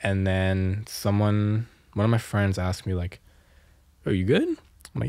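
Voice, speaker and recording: Low-voiced young man telling stories. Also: measured pace, warm tone, clean tone, no room sound. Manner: rambling, many "like" fillers, laughs through stories. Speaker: podcast co-host. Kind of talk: casual storytelling chat.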